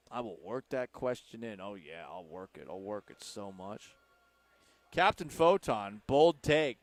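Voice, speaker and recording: A man from Texas hosting sports talk radio, reading promos and taking listener questions in a playful, rambling, self-mocking way. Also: mid-range voice. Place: radio studio. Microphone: studio microphone.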